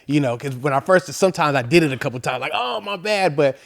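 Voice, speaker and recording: A man's voice: mid-range voice, quick pace, no room sound. Laid-back man hosting a podcast. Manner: friendly, relaxed, uses slang like "man". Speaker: podcast host. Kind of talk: casual interview chat.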